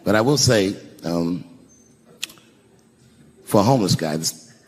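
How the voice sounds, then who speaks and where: A man doing stand-up storytelling on stage, animated and profane, swinging from loud outbursts to hushed asides. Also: low voice, measured pace, big-room sound. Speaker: stand-up comedian. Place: comedy stage before a live audience. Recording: noisy live venue recording.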